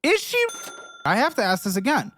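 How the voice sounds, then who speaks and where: A man's voice: sits high, huge pitch swings, moderate pace, fairly bright tone. A man hosting a finance show, questioning a guest bluntly and teasing her with crude jokes. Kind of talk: blunt interview.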